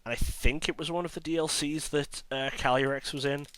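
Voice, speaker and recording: A man hosting a card pack-opening video, hoarse from illness, chatting and mocking his own voice as he lists each card. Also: fairly high pitch, fairly even intonation, brisk, noisy background. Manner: chatty, self-mocking, listing cards as he goes. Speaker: card-opening channel host. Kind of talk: casual pack-opening commentary.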